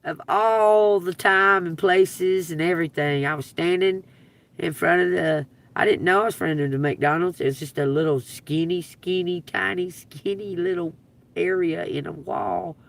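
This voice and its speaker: On her live stream, a middle-aged tarot reader with a Georgia Southern accent rambles through a profane story, laughing along the way and staying animated. Her voice is on the low side and unhurried, with vocal fry, and the dry audio is picked up from a distance.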